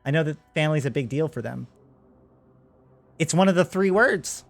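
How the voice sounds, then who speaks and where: Male streamer, casual rambling host, gravelly and slightly high. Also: expressive, normal speed, faint music behind. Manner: rambling, chatty, talks to chat. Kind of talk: casual live-stream chat.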